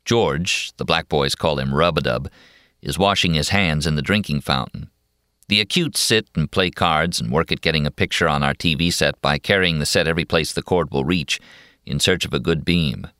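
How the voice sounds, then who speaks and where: Male audiobook narrator, very low voice, bright tone, dry close sound. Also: normal speed, no room sound. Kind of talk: first-person novel narration.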